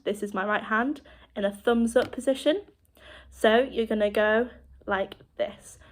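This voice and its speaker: A woman with a British accent teaching children sign language, speaking slowly and clearly as she demonstrates each word. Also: a little high. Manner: slow, clear demonstrating speech.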